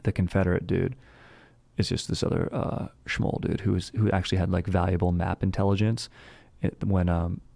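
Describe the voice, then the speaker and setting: A man hosts a podcast and rambles through a history story in a relaxed, slangy way, full of fillers and restarts. His voice sits very low with a gravelly fry, and the recording is dry and close. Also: moderate pace, no room sound. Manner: slangy and laid-back, says "dude" and "frickin'" a lot.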